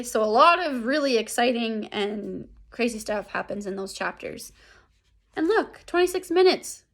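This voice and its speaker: A young woman teacher walks her students through a book in a recorded lesson. Her voice sits a bit on the high side. She speaks in a loose, chatty way, full of fillers, and checks in with "right?" now and then. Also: a bit bright. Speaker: English teacher.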